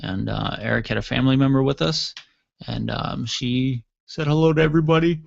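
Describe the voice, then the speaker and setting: A man's voice: medium pitch, brisk, creaky, no room sound, muffled recording. A man hosting his own podcast from a basement studio, rambling casually with jokey asides and yawning from tiredness. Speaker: podcast host. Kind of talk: casual solo podcast talk.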